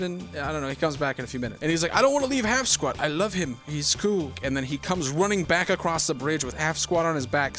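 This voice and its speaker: A man's voice: on the high side, a bit bright. A man casually recapping a movie plot, rambling and swearing a lot, now and then acting out lines in silly voices.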